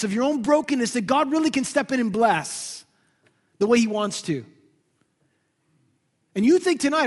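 Man, pastor, preaching, husky tone, high voice, dramatic hush-to-loud delivery. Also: expressive, moderate pace, long pauses, in a large hall. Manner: dramatic, swings from hushed to loud. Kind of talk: sermon.

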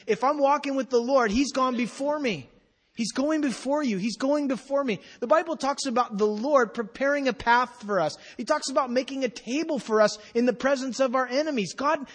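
A man preaching a sermon as pastor, expressive, swinging from hushed to emphatic and repeating phrases for emphasis. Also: high voice.

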